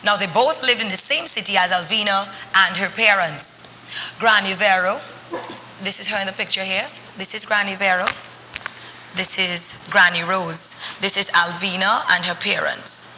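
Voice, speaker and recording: Bright-voiced storyteller reading to kids, teacherly questions, roomy echo. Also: female voice, medium pitch, steady tone, normal speed, slight background noise. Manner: teacherly, asks the children questions. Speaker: children's storyteller. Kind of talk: reading a picture book to children.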